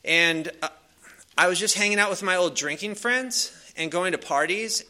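A man with a slightly high, very bright and sharp voice tells a personal story to a crowd. He talks loosely and casually, with frequent fillers and restarts. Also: normal speed. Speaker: speaker sharing a recovery story. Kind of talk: casual storytelling to a live audience.

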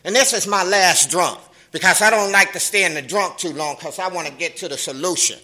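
At a meeting, a middle-aged man tells his recovery story in African American Vernacular English, animated and streetwise, swearing and laughing along the way. His voice is high-pitched and a little fast, and the audio quality is poor.

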